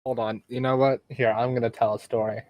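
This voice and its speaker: A man chats casually on a podcast and spins a silly improvised tale. His voice is mid-pitched, and the recording is dry. He swings between low mumbles and loud, excited bursts. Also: a little fast, no room sound, dull audio. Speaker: podcast co-host. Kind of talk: casual chat with improvised storytelling.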